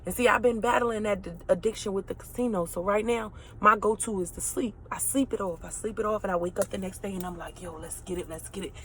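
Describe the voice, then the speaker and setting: A woman's voice: medium pitch, steady tone, fast talker, few pauses, slight background noise. A woman in her late twenties giving an emotional motivational talk, earnest and preachy, repeating phrases for emphasis. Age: late 20s.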